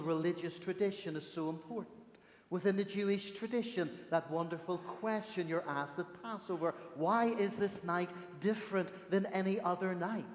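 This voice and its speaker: High-voiced preacher in an echoey church. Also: male voice. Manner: storytelling, emphatic pauses. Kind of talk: sermon. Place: church sanctuary. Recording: echoey church hall reverb.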